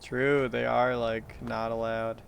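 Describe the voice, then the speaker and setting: A man's voice: mid-range voice, level tone, vocal fry, a little hiss or hum. A man giving casual, rambling gameplay commentary, joking and swearing freely. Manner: rambling, joking, profane, quick to laugh. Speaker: streamer playing a game.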